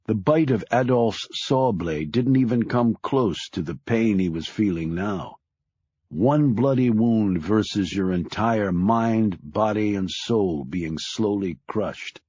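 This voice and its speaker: Grave husky male audiobook narrator. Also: expressive, a little mellow, no echo, lo-fi sound. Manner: grave, measured, dropping low on sad lines.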